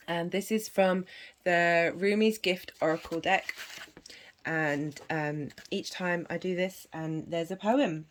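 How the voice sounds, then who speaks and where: A woman reading tarot cards for an online audience in a gentle, meandering way. Her voice sits fairly low and she speaks slowly, with unhurried pauses. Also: fairly even intonation. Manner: gentle and meandering, with many ums and soft laughs. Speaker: tarot and astrology reader. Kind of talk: slow, reflective spiritual reading to viewers.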